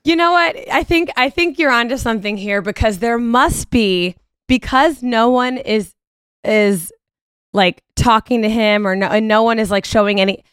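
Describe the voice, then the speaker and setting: A woman's voice: on the high side, moderate pace, a bit bright, clean tone, no echo, studio quality. A woman co-hosting a podcast in casual chat, chatty and agreeable, swearing casually. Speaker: podcast co-host. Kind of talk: casual chat recapping a reality show.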